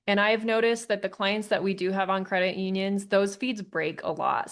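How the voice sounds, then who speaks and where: Host, female, relaxed and conversational, lowish pitch, laughs easily. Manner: casual, chatty, laughs often. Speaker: host answering questions. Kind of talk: live Q&A session.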